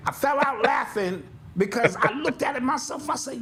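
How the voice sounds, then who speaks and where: An older man co-hosting a podcast in casual chat, telling stories in an animated way and acting out sounds and quotes. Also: very high-pitched, normal speed, a little hiss or hum. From United States. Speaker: podcast co-host.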